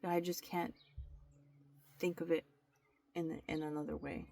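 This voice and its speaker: A woman's voice: low voice, little pitch movement, a little slow, vocal fry, darkish tone. A young woman in a candid, confessional vlog, talking straight to her camera with many restarts and fillers. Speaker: vlogger. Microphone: camera mic.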